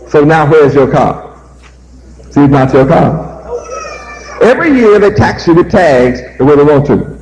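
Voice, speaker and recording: A man's voice: a little high, expressive, a little slow, pauses often, darkish tone, poor audio. A man preaching a sermon, emphatic and repetitive, firing rhetorical questions at his listeners.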